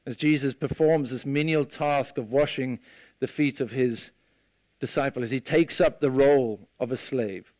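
A man preaching a sermon, retelling a scene with lively storytelling and acting out the voices of the people in it. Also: medium pitch, normal speed, no echo. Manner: animated storytelling, acts out the disciples' voices.

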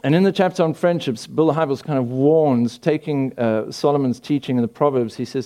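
A man's voice: medium pitch, fairly quick, hardly any pauses, mellow. A pastor preaching a conversational sermon to his church, with frequent restarts and rhetorical questions. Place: church hall.

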